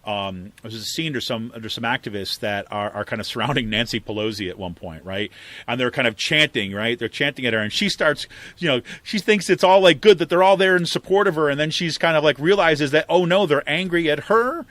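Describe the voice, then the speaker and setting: A man's voice: medium pitch, brisk, fairly bright tone, no echo. A man co-hosting a political podcast, chatting casually and rambling with lots of fillers. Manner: rambling, many fillers and asides. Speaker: podcast co-host.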